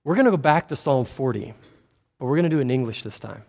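A man's voice: medium pitch, lively intonation, fast, creaky, darkish tone, big-room sound. A man preaching a sermon in an earnest, conversational storytelling way.

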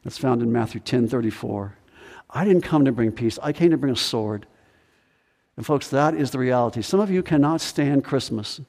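A man preaching a sermon as pastor, animated, acting out the voices of people in the story. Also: medium pitch, moderate pace, vocal fry, in a large hall. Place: church sanctuary.

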